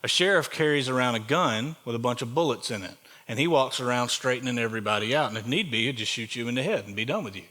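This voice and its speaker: A pastor with a Southern US accent preaching in a church sanctuary. His voice is bright and forceful, at a middle pitch for a man. He keeps it conversational and asks the congregation questions. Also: expressive, fast, few pauses. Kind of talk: sermon.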